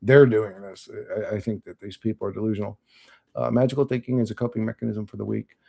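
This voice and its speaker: A man's voice: lowish voice, steady tone, quick pace, vocal fry, warm tone. A young man streaming live, chatting casually and bluntly, cursing often and laughing at chat.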